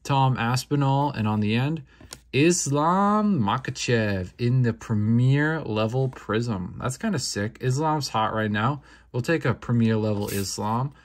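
A young man hosting a casual card-opening video, talking in a laid-back, slangy way with quick bursts of excitement. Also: medium pitch. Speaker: card-opening channel host. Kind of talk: casual unboxing commentary.

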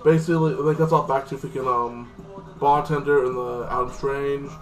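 A man rambles through a casual recap of a TV episode, stacking fillers and restarting his sentences. His voice sits back from the microphone. Loud music plays under him the whole time. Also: medium pitch, steady tone, moderate pace. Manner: rambling, filler-heavy, lots of "like". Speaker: TV episode reviewer. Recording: distant mic with loud music.

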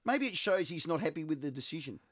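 A man with an Australian accent, co-hosting a sports radio show in lively, teasing banter. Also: on the high side, fast talker, dry recording, clean studio sound. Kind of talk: casual radio sports chat.

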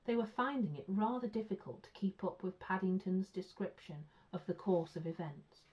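A woman teacher reading a children's story aloud with clear, expressive storytelling. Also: mid-range voice, moderate pace. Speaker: primary school teacher. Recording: muffled lo-fi sound.

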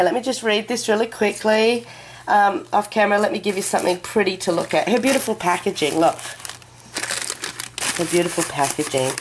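A woman vlogging to camera as she opens a parcel, chatting casually and gushing with excitement. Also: mid-range voice, a little hiss or hum. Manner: gushing and excitable, breaks into delighted exclamations. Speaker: craft vlogger. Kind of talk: casual unboxing chat to camera. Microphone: camera mic a short way off.

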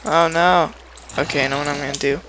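A man's voice: fairly high pitch, fairly even intonation, fairly quick, noisy background. A young man giving a casual, rambling gameplay tutorial, playful and chatty, humming little sound effects as he builds.

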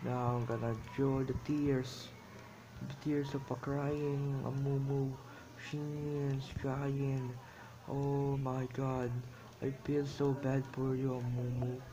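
A man's voice: medium pitch, flat delivery, slow pace, noisy background. A man giving rambling, self-amused commentary as he draws, in broken English phrasing. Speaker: drawing vlogger. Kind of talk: rambling commentary while drawing.

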